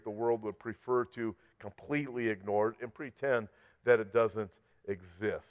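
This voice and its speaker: A man teaching on Bible prophecy in an earnest sermon style, getting louder and more forceful when he reads scripture aloud. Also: medium pitch. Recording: slightly dull lo-fi audio.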